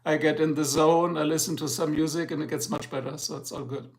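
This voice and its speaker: A man's voice: fairly high pitch, fairly even intonation, a little fast. A middle-aged man with a German accent, a native German speaker, hosting a casual livestream and chatting with viewers in a rambling, joking way. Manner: rambling, joking, addresses chat by name. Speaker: livestream host.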